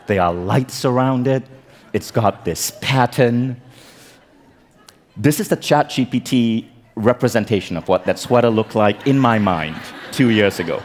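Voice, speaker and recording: A man in his forties giving a keynote talk on stage, storytelling with comic, animated delivery and acted-out quotes. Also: lowish voice. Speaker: keynote speaker. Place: conference stage.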